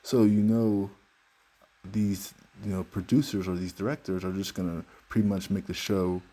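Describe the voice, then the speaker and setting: A man's voice: low-pitched, steady tone, normal speed, warm tone. A young man hosting a podcast, telling stories from his childhood in a laid-back, joking way. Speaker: podcast host. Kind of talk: casual storytelling monologue.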